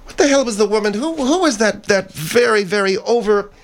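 A man's voice: sits high, expressive, fairly quick, a little hiss or hum. A man voicing a vain, haughty older woman singer in a comedy sketch, talking in a pompous, theatrical, rambling way.

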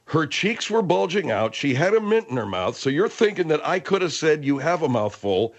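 A man's voice: fairly high pitch, sing-song. A man hosting a comedy radio show, exasperated and bossy with his guests. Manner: exasperated, bossy, quick to laugh.

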